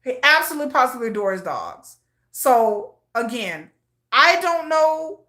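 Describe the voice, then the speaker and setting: A woman's voice: high-pitched, very animated, normal speed, sharp tone. Emotional woman in an echoey room. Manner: emotional, repetitive, restarts often. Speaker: commentary vlogger. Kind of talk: casual commentary.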